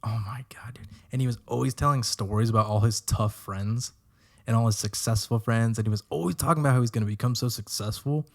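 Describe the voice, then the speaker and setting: A young man co-hosting a casual podcast, telling animated stories and swearing freely. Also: mid-range voice, fast talker. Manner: animated storyteller, swears a lot, acts out quotes. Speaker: podcast co-host. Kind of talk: casual chat.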